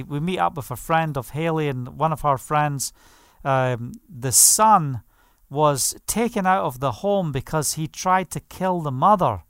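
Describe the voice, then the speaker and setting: A man preaching with earnest, emphatic storytelling. His voice sits fairly high for a man. The sound is dry and close, with no room echo. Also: fairly bright tone, smooth. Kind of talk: sermon with personal testimony.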